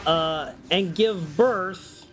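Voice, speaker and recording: A high-voiced man from New York, now with a faint Southern drawl, talks at an unhurried pace. His voice swings widely as he chats and curses through a game stream, and faint music plays behind him. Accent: mild Southern drawl. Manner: chatty, profane, laughs often. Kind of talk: casual gameplay commentary.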